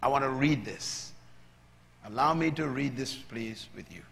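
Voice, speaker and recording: A man preaching a sermon as a pastor, moving from calm teaching to loud, shouted preaching. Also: mid-range voice, a little slow, gravelly. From Bahamas. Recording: long hall reverb.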